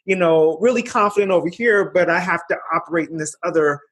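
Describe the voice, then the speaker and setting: A woman's voice: fairly low pitch, fast, slightly rough. A woman hosting a podcast interview, affirming and encouraging her guest, with frequent small laughs. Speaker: podcast host. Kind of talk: conversational interview.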